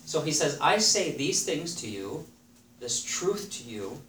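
A man's voice: on the high side, sing-song, a little slow, a bit bright. A man preaching a sermon in an earnest way, repeating phrases for emphasis and reading scripture aloud. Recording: echoey room, voice somewhat far from the mic, faint background noise.

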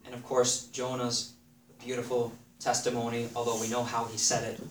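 A man's voice: mid-range voice, monotone, normal speed. A man preaching a sermon in an earnest way, repeating phrases for emphasis and reading scripture aloud. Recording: echoey room, voice somewhat far from the mic, faint background noise.

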